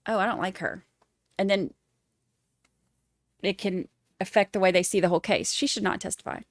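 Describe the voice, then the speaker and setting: A woman's voice: mid-range voice, fairly bright tone, no echo, studio quality. A woman hosting a casual livestream, chatting with viewers in a snarky, laughing way. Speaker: livestream host. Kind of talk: casual chat with live chat.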